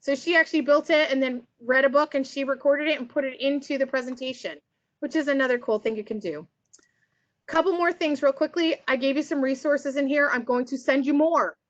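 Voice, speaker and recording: A woman's voice: high-pitched, a little fast, highs cut off. A woman leading a casual online teacher workshop, chatty and upbeat, often tagging her points with "right?". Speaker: teacher trainer.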